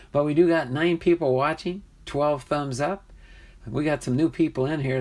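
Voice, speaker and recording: A man's voice: a little high, fairly even intonation, measured pace, darkish tone. A man casually hosting a live stream, chatty and easily amused as he reads viewer comments aloud. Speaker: livestream host opening trading card packs.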